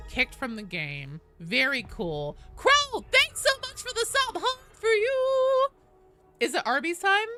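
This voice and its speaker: A woman's voice: medium pitch, bright, forceful tone. A woman chatting casually with viewers and teammates while streaming a game, swearing, cheering and thanking followers.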